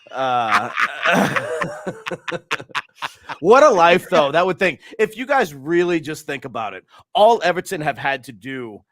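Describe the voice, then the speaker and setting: A man's voice: a little high, sing-song, takes it slowly, a bit bright, dry recording. A man co-hosting a fan football show, talking in an emphatic, opinionated way. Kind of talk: casual football chat.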